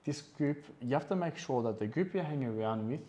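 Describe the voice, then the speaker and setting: A man's voice: medium pitch, brisk. A man co-hosting a casual podcast chat, telling stories animatedly and acting out quotes. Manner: animated storyteller, acts out quotes. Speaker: podcast co-host.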